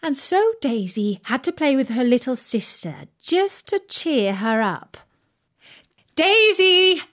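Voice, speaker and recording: A woman reading a children's story aloud in an expressive, gently dramatic way. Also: a little high, a little slow.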